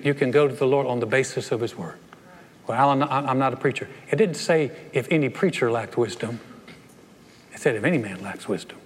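A man preaching a sermon as pastor, animated and acting out playful voices. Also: mid-range voice, slight background noise. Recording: long reverb of a large hall.

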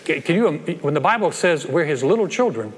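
Animated pastor in a reverberant hall. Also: male voice, on the high side, fairly quick, husky. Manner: animated, acts out playful voices. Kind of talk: sermon. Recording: long reverb of a large hall.

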